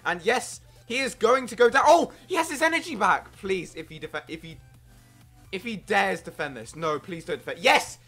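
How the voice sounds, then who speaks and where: An excitable young man giving casual gameplay commentary, jumping into yelps when things go wrong. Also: fairly high pitch. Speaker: gaming YouTuber.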